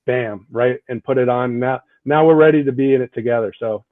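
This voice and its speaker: A man's voice: mid-range voice, brisk, dry recording. A man being interviewed as a guest hockey coach, talking earnestly and often tagging his points with "right? like". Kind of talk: conversational interview answers. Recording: tinny phone-like line, dry.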